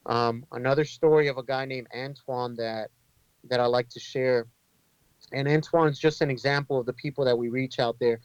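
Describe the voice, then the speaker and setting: A man's voice: medium pitch, fairly even intonation, normal speed, clear, resonant tone, no room sound, dull audio. A man who leads an inner-city ministry, a guest on a podcast, telling stories in an earnest, conversational way with many fillers and restarts. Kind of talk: storytelling in a casual interview.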